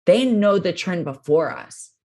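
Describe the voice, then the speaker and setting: Woman co-host, deep voice, eager agreeing manner. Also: lively intonation, unhurried, mellow. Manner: eager, agreeing, wide swings in pitch. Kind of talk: casual podcast chat.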